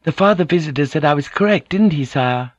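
A man's voice: a little high, lively intonation, a little fast, no room sound, highs cut off, pitched above the performer's own voice. A man voicing an anxious teenage boy who stammers and pleads in a raised, strained voice. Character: anxious teenage boy, heir's youth, trembling.

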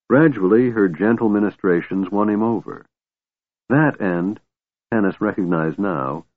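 A male audiobook narrator reads a fantasy novel in a steady, measured way. His voice sits on the low side and close to the mic, with no room around it. The sound is thin and narrow, like a phone line. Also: dry recording. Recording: narrow phone-like band, dry.

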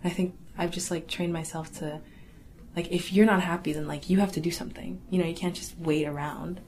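A young woman telling a personal family story in a casual, halting way, full of "like" and "you know.". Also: fairly low pitch, fairly even intonation, a little mellow, slight background noise. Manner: casual, halting, lots of fillers and restarts; laughs wryly through awkward memories. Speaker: interviewee.

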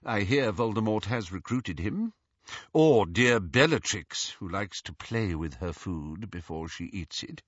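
A gentle, very old wizard headmaster, read by a man in an audiobook. He speaks calmly and wryly, his tone bright and lilting, rising and falling a lot. The dry studio sound is a little dull. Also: on the low side, dry recording. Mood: gently wry. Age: older. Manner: calm, lightly wry, measured. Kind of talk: audiobook character reading.

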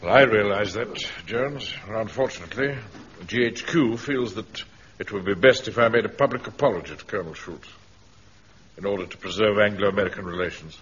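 An actor playing a pompous, officious middle-aged captain in a radio comedy. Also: male voice, lowish voice, brisk, fairly bright tone, a little hiss or hum, natural voice. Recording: dull archive radio recording.

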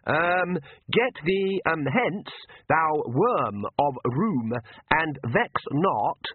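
A man's voice: a little high, sing-song, extremely slow, slight background noise, pitched above the performer's own voice, exaggerated voice. A man playing a stammering young priest. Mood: flustered. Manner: hesitant, stumbling over solemn archaic words. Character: nervous young male priest, stammering archaic oaths. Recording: tinny phone-like audio.

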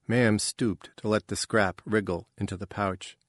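This slow, deep-voiced man narrates an audiobook from a script, keeping his storytelling measured and even. The recording is studio quality and free of room sound.

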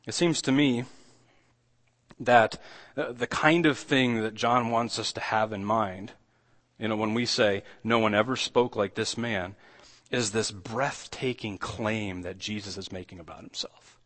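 A man's voice: fairly low pitch, steady tone, measured pace, a bit bright. A man, a pastor, preaching a sermon in a conversational way, with frequent restarts and emphatic rises when he quotes scripture.

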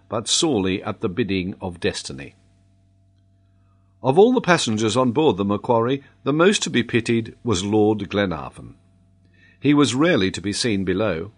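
Measured male audiobook narrator. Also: mid-range voice. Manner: measured, formal reading. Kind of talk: scripted narration.

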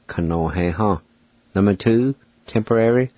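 A man hosting a radio language lesson, spelling each word out letter by letter and repeating it slowly. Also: fairly low pitch, a little mellow, dry recording, highs cut off. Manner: deliberate, spells out words letter by letter and repeats them. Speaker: radio show host teaching language. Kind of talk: slow spelling and pronunciation lesson.

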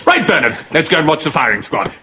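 An actor playing a blustering, pompous older army general who booms and shouts excitably. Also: male voice, fast, slight background noise, exaggerated voice. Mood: brisk. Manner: loud, booming, excitable.

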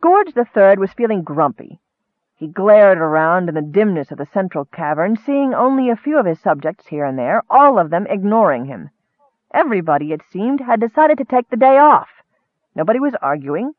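Expressive male audiobook narrator, high and animated; narrow, dry recording. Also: normal speed, no echo. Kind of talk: storybook narration.

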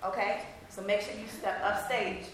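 A woman giving brisk rehearsal notes to a cast as their choreographer, checking often that they understand. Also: mid-range voice, level tone. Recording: echoey room, taped from far off, noisy.

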